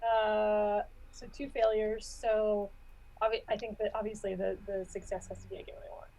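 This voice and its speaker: A woman's voice: medium pitch, little pitch movement, moderate pace, mellow, poor audio. A woman playing in a tabletop game, unsure and asking back. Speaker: player. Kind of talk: casual tabletop play.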